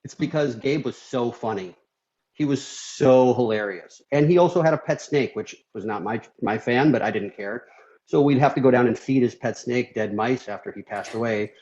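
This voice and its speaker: Speaking at a moderate pace, a middle-aged surgeon from Minnesota has a medium-pitched, darkish voice. As a podcast guest he rambles candidly, leaning on "you know" and laughing through anecdotes. The recording sounds a bit dull and lo-fi.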